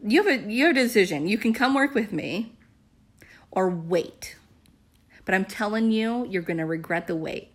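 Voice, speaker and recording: A young woman talking casually to her viewers in an excitable, chatty way, full of "like" and "you guys". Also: a little high, fast talker, few pauses. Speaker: network marketing vlogger. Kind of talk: casual direct-to-camera pitch.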